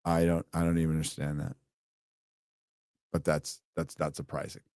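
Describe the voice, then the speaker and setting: A man's voice: very deep voice, level tone, normal speed, darkish tone, no room sound, clean studio sound. A man hosting a live stream, ranting in sarcastic, profane, combative commentary.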